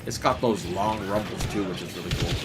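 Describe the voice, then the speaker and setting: A man's voice: deep voice, fairly quick, heavy background noise. A man streaming a game live, telling a story in casual, profane chat and laughing as he goes.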